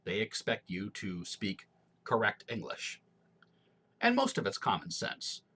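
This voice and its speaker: A man from Missouri with a low, somewhat husky voice, speaking in General American broadcast diction. He talks through an accent tag at an easy, measured pace, with the careful pronunciation of a former radio announcer. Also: huge pitch swings, a bit bright. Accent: General American broadcast, Missouri roots. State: allergies, throat clearing. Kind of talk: casual accent tag monologue.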